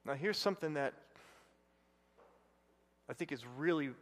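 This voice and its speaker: Guy pastor giving a sermon, kinda high voice, long echoey church reverb. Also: a little slow. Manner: storytelling, rising to loud excited outbursts.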